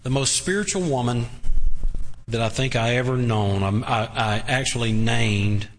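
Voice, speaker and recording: A man, a pastor preaching a sermon with emphatic, drawn-out phrasing and long pauses. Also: medium pitch. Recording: long reverb of a large hall.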